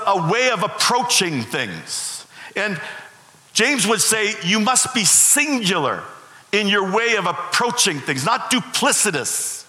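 High-voiced pastor preaching in echoey hall. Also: male voice, sharp tone. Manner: emphatic, repeats key phrases. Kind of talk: sermon. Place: church sanctuary. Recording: echoey hall with long reverb.

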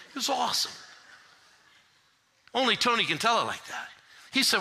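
An older man preaching a sermon, telling stories with animated swells into shouted refrains. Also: very high-pitched, moderate pace, vocal fry, pauses often. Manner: animated preacher, rising to shouts when retelling another preacher. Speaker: pastor. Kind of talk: sermon storytelling.

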